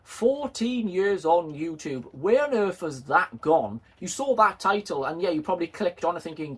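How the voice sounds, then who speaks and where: A man's voice: high-pitched, lively intonation, normal speed, few pauses, breathy edge. A man chatting casually and jokingly to his video viewers, self-deprecating and friendly. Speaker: model railway YouTuber.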